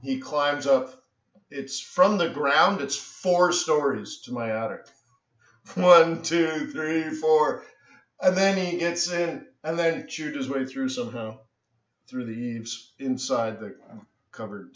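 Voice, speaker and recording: A tired man rambles through animated stories while hosting a live trading stream and keeps saying "so anyways". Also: mid-range voice, unhurried. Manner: animated storyteller, says "so anyways" often, trails off. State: tired from little sleep. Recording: echoey room, dull lo-fi sound.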